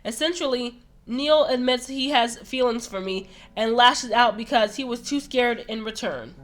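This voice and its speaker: A woman reading a visual novel aloud for her channel, gushing and excitable between passages. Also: a little high, moderate pace. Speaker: let's play host.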